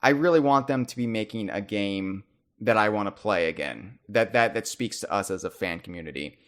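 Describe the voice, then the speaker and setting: A young American man hosting a podcast, talking casually and excitedly with frequent restarts and repeated words. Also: lowish voice, smooth. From United States. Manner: animated, often halting, restarting and repeating words. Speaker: podcast host. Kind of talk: casual chat.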